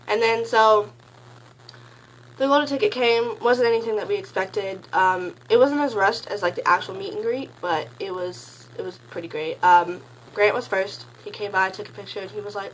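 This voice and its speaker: A teenage girl telling a story in a casual vlog, gushing and rambling, packing her sentences with "like" and jumping into excited high squeals. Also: a little fast, slight background noise, rough recording. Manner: gushing, rambling, heavy use of "like"; bursts into high excited squeals when quoting. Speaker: concert fan recounting a meet and greet.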